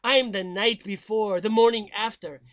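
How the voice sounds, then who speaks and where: A man voicing a theatrical, menacing male vampire count who declaims slowly and dramatically and cackles. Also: high-pitched, fairly even intonation, a bit bright.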